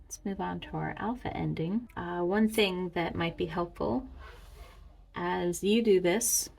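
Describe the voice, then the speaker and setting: A woman reviewing her own Greek lessons in a self-made tutorial, chatty and thinking aloud as she slowly sounds out words. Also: lowish voice, creaky, a little mellow, rough recording.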